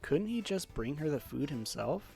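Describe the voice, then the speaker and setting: Young man with a gravelly voice. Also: fairly high pitch, sing-song, moderate pace, music in the background. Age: young adult. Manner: chatty, laughs at his own slips, reads lines aloud. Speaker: gamer reading a detective game aloud. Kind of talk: casual game playthrough, reading dialogue.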